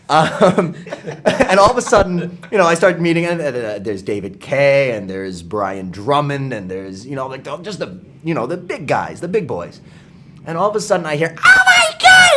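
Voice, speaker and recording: A man who works as a voice actor, talking casually at a fan convention, animated, laughing often and acting out the people he quotes. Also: on the high side. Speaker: voice actor guest. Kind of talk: casual storytelling interview.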